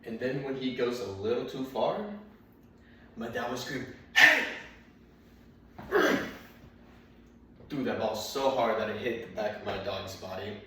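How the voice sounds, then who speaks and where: A man's voice: on the low side, fairly even intonation, moderate pace, slight background noise. A young man doing stand-up comedy, telling a rambling, profane story and acting out his dad and his dog. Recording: very echoey room, mic at a distance.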